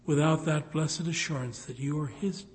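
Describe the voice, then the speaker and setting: A man preaching a sermon, pleading with his listeners and rising to loud appeals. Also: on the high side, normal speed. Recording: long hall reverb.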